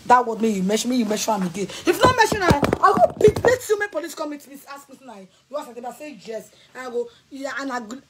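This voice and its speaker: Nigerian woman yelling and scolding, threatening somebody, highish voice. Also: expressive, fast talker, hardly any pauses, very noisy. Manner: loud, scolding and threatening, shouting bursts. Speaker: vlogger. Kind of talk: angry rant to camera.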